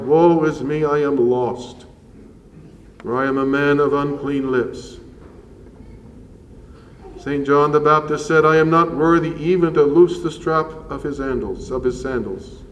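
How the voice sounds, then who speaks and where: A man preaching a sermon as a priest, measured and earnest with slow emphatic pauses. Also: a little high, a little hiss or hum. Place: church. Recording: roomy church echo from far off.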